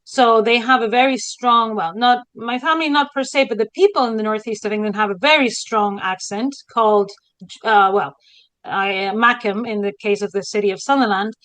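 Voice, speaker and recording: A woman's voice: on the high side, moderate pace, a bit bright, no room sound, rough recording. A woman from Spain, a historian co-hosting a casual podcast chat in a dramatic, theatrical way. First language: Spanish. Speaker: historian co-host.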